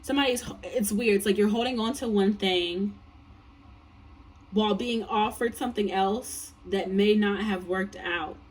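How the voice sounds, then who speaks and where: A woman's voice: medium pitch, normal speed, breathy edge, recorded from a distance. A tired woman giving a casual tarot reading, blunt and profane, rambling with lots of fillers. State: tired, yawning. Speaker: tarot reader.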